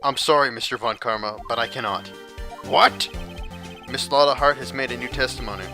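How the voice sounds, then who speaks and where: A man's voice: medium pitch, brisk, music in the background, natural voice. A man voicing an older male courtroom judge, reading game lines in a hesitant, formal way.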